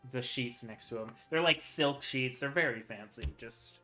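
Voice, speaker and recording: A man narrating a tabletop game as game master, halting with many ums and likes. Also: mid-range voice, sharp tone, soft background music.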